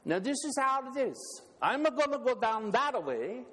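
A man voicing an excited, simple-minded husband who speaks broken English, in a joke told during a sermon, with a long hall reverb. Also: very high-pitched, unhurried, pitched above the performer's own voice, heavily acted. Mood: explaining.

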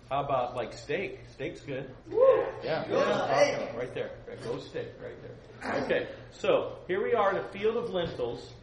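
Animated joking preacher man, echoey hall. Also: medium pitch. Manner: animated, joking, swings between loud and soft. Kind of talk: sermon to a youth congregation. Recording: echoey room, faint room noise.

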